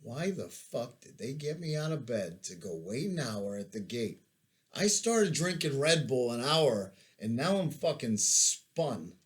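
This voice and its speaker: A man's voice: mid-range voice, big pitch swings, unhurried. A man reading aloud and voicing a restless young soldier who gripes after too many energy drinks. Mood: griping. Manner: griping, restless.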